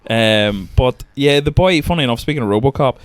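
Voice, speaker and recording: A man's voice: mid-range voice, expressive, brisk, clean tone. A man swearing freely and laughing as he chats about films on a podcast. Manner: sweary, rambling, laughs often. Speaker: podcast co-host. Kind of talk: casual film chat.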